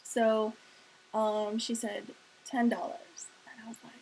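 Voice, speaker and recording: A woman's voice: fairly high pitch, level tone, takes it slowly, gravelly, a little mellow, rough recording. A woman casually telling a personal story in a chatty manner, laughing and acting out the quotes. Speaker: sales leader telling her story. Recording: faint hiss.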